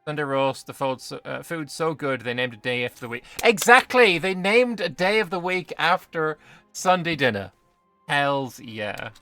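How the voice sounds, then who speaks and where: Here the same kind of British streamer chats with viewers over a strategy game, cursing offhandedly, his voice sitting on the high side and sounding animated. He speaks at a moderate pace in a bright, pushed tone, with faint music behind him.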